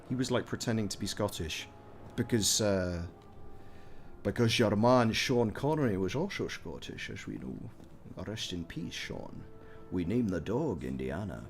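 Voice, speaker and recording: A man's voice: on the low side, animated, measured pace, a little hiss or hum. A man giving casual let's-play commentary, chatting with his chat and rambling into jokey asides. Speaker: gameplay commentator.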